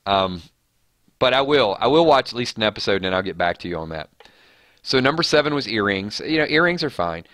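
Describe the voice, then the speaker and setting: A man's voice: lowish voice, expressive, brisk, fairly bright tone, no echo, clean studio sound. A man hosting a casual live stream, chatting and joking as he reads viewer comments. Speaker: livestream host. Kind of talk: casual chat.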